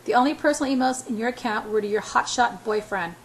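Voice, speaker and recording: Woman doing a menacing male boss, sneering, contemptuous, volatile, somewhat high voice, storybook reading. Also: quick pace, a little hiss or hum, lightly acted.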